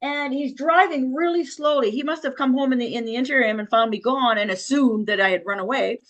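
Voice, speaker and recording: A woman's voice: sits high, fairly quick. A middle-aged woman, an interview guest, telling her life story with emotion and nervous laughter. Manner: emotional, vivid retelling with quoted voices and nervous laughs.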